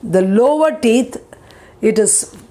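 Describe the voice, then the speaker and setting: A woman's voice: fairly high pitch, lively intonation, slow pace, dark tone. A woman, patiently teaching pronunciation and repeating each word for learners. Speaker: language teacher. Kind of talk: pronunciation lesson.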